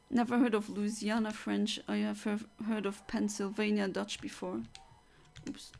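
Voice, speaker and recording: A woman's voice: medium pitch, flat delivery, moderate pace, creaky, darkish tone, soft background music. A woman from Luxembourg, chatting casually as a streamer and reading out viewer comments, reflective with frequent fillers and restarts.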